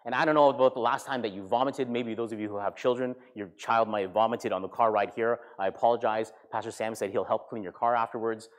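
A man, a pastor, preaching a sermon with animated storytelling and acted-out voices. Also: lowish voice, fast talker, hardly any pauses. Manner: animated storytelling, acting out characters.

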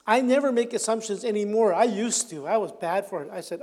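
A pastor with a high voice delivers a sermon, animated and storytelling, jumping into the voices of the people he describes. He chuckles often and lets his lines fade softly. The sound rings with a long reverb, as in a large hall. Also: brisk, few pauses.

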